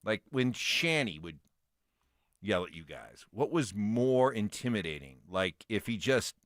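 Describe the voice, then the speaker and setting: A middle-aged former lineman co-hosting sports radio, his voice bright and forceful. His pitch leaps all over the place as he presses his points, and the studio sound is close and dry. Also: dry recording. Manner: animated, emphatic, quick to laugh. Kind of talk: morning sports talk radio.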